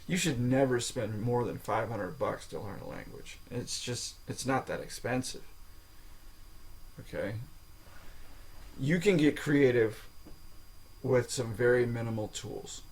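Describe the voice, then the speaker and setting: This is a podcast host talking informally on his own show, his medium-pitched voice unhurried and full of pauses. The recording is rough, and he swears now and then while checking in with the listener by asking "okay?"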